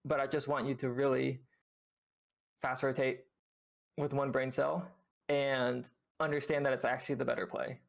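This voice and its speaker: A man's voice: mid-range voice, level tone, normal speed, gravelly, pauses often. A man coaching a player through gameplay footage on a live stream, patiently explaining with lots of fillers. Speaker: game coach. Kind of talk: reviewing gameplay with a student on stream.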